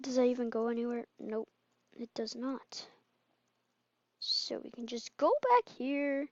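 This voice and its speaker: A woman giving casual gameplay commentary, excitable and quick to laugh and yell. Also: a little high, no echo, dull audio. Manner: excitable, laughs and yells at wins and deaths. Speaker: gamer.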